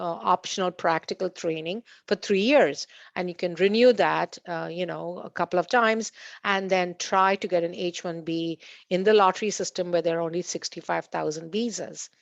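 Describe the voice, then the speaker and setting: A woman's voice: medium pitch, dry recording, lo-fi sound. A woman talking in a conversational panel discussion, full of fillers and restarts, laughing now and then at her own stories. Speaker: panelist at a community meeting.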